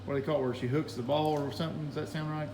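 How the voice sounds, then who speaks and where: Brief: rambling folksy man, slightly raised pitch, casual vlog chat, faint crickets behind. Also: little pitch movement, very fast, creaky, background noise. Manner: rambling, folksy, chuckles often. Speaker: logger and mill worker vlogger.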